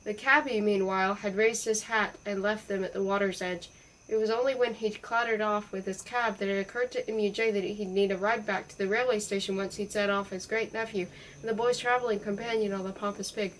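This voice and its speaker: A woman's voice: medium pitch, fairly even intonation, brisk, a bit bright, recorded from a distance, a little hiss or hum, rough recording. Woman reading a storybook aloud. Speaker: audiobook reader. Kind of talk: storybook narration.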